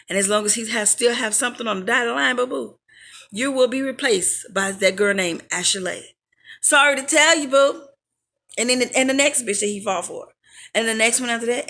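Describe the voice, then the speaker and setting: A woman's voice: a little high, creaky, fairly bright tone. A woman vlogger telling a storytime rant in a sassy, blunt and profane way. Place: home in Las Vegas.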